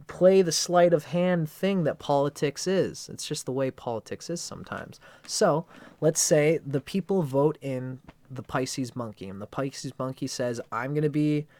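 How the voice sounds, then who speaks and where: A man's voice: medium pitch, no echo. A man hosting an astrology livestream, talking casually and rambling, with casual swearing. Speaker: astrology channel host.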